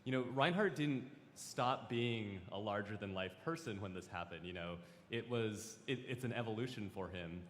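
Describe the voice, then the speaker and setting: A man on a live convention panel, explaining things in a thoughtful, measured way. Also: fairly low pitch, slight background noise. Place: large convention hall stage. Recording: reverberant hall with crowd ambience.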